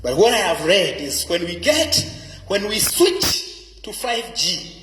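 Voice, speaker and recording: Preaching slowly in a high-pitched voice with big swings in pitch, a Kenyan-accented pastor hammers home his sermon by dramatically repeating key phrases. Music plays in the background, and the hall echoes with long reverb.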